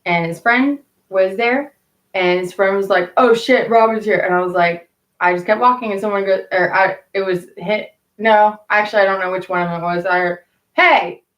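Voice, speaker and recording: A woman's voice: medium pitch, fairly quick. Rambling, candid woman in an echoey room. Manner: rambling, candid, swears freely. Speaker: live streamer chatting with viewers. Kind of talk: casual storytelling to a live chat.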